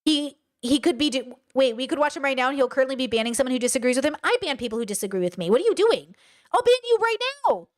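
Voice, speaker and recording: A woman streamer giving casual reaction commentary, blunt and animated, swearing freely as she rants. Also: high voice, racing, hardly any pauses.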